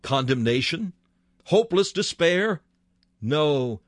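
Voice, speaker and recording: A man's voice: a little high, expressive, slow, no room sound, studio quality. A man preaching a sermon with fervent delivery, his voice rising sharply on key words.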